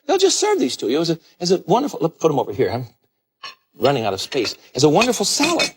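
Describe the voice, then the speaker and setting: A man's voice: fairly high pitch, huge pitch swings, fast talker, background noise. A middle-aged man hosting a televised cooking show from a galley-style kitchen, gushing over each dish as he demonstrates it. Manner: effusive, exclaims over the food.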